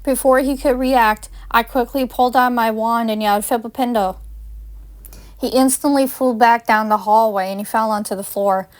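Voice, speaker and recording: A woman's voice: a little high, steady tone, normal speed, few pauses. Woman reading first-person fanfiction. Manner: first-person narration with small slips and restarts. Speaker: fanfiction reader.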